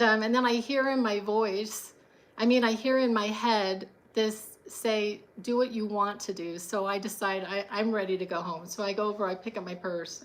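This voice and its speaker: A woman's voice: fairly high pitch, fairly bright tone. A woman telling a personal story in a chatty monologue, full of fillers and frequent laughs.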